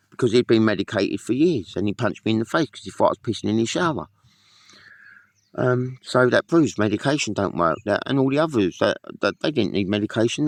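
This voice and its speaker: A man's voice: fairly low pitch, no echo. A man in a casual monologue to camera, rambling and aggrieved, swearing often. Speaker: vlogger.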